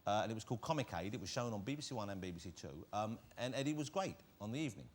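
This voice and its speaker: A man hosting a talk show, teasing and bantering with his guest. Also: fairly low pitch. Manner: quick, teasing and animated.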